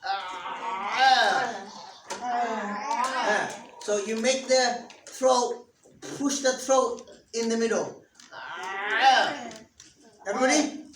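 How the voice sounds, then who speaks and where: A woman's voice: fairly high pitch, steady tone, unhurried. A woman teacher leading an interactive class, patiently explaining step by step and having the students repeat after her. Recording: echoey room, distant mic, faint noise.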